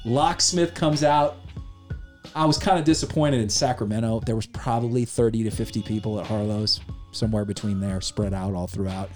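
A middle-aged man co-hosting a podcast, telling a story in a lively, casual way and cursing freely. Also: fairly low pitch, moderate pace, soft background music. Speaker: podcast co-host.

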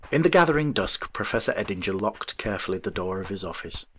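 A man reading an audiobook in steady, even-toned scripted narration. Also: fairly low pitch, fast talker, slight background noise. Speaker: audiobook reader.

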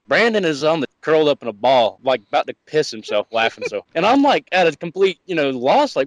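A man's voice: a little high, fairly quick, hardly any pauses, no echo, low-quality recording. A man telling a crude, embarrassing story on a casual podcast, his voice climbing as he gets worked up. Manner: animated, crude, voice climbs when excited.

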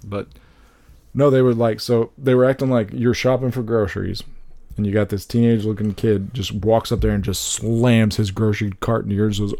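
Gravelly low dude in his 30s just ranting on a podcast, dark tone, swears a lot. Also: normal speed, no echo. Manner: animated, swears freely, laughs often. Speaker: podcast co-host. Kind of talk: casual podcast chat.

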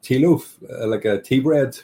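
A man's voice: medium pitch, unhurried, vocal fry, mellow. A man who runs a tea business, chatting as a guest in a casual interview and telling stories with jokes at his own expense. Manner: joking, self-deprecating storyteller.

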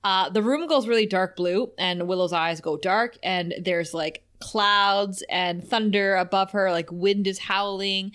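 A woman's voice: mid-range voice, fairly even intonation, unhurried, few pauses, fairly bright tone, clear, resonant tone. Woman recapping a tv episode for a podcast, chatty, giggles a lot, says like a lot. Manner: chatty, laughs often, says "like" often. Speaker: podcast co-host.

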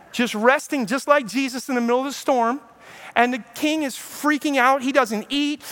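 A male pastor preaching a sermon, telling the stories with animation and acting out the quoted lines. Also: very high voice. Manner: animated storytelling preacher who acts out quotes.

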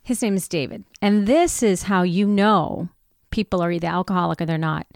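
A middle-aged woman telling a personal story in a conversation, candid and animated, acting out what people said. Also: fairly low pitch, moderate pace, gravelly, no echo, studio quality. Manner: candid, animated retelling with voiced quotes. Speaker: guest.

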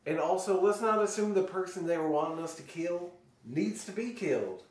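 A man's voice: sits high, animated, moderate pace. A man playing a tabletop game, talking earnestly and laying out plans to the group. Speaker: player. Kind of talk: casual tabletop play. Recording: roomy, distant mic with faint noise.

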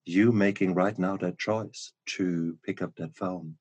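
A man with a German accent hosting a casual interview, encouraging and quick to laugh. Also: low voice, steady tone, slightly rough. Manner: warm, encouraging, laughs often. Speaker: podcast host.

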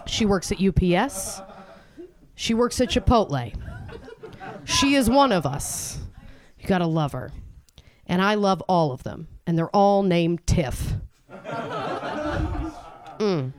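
A woman doing a brash, crude stand-up set on a club stage, working the crowd with a handheld mic while the audience laughs. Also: medium pitch. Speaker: stand-up comedian. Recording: live club recording with crowd noise.

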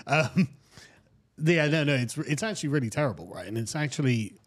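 A British man who is a guest on a political talk show, speaking in a relaxed, conversational way and quoting texts at length. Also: mid-range voice, a little fast. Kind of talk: casual political chat.

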